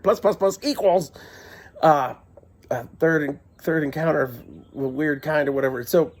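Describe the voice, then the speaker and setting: A man telling a comic personal story into a handheld camera, excitable and prone to giggling, shouting when he quotes himself. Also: a little high, breathy edge.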